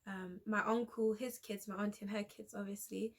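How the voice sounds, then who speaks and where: A woman's voice: mid-range voice, fairly even intonation. Hesitant young woman telling a personal story. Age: young adult. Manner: hesitant, halting, with many restarts and fillers. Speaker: vlogger.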